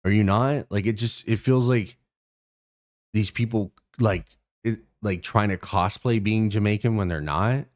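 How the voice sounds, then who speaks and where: A man's voice: on the low side, unhurried. A young man from Canada, hosting his own stream, talking in a casual, rambling way with lots of cursing, fillers and restarts. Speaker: streamer host. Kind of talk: casual rant to stream viewers.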